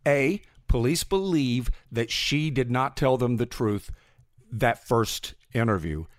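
A man co-hosting a podcast who reports on a case in a measured way, hedging his claims during a debate. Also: mid-range voice, expressive, dry recording, clean studio sound.

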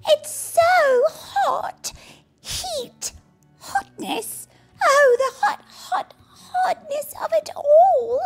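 A chatty, dramatic female platypus from a storybook. The voice sits extremely high and swoops widely, with a gravelly edge and slow, drawn-out words. She whines with theatrical flair. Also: lively intonation, faint music behind, exaggerated voice. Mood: melodramatic. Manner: squeaky, drawn-out, theatrical whining. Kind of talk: picture-book read-aloud.

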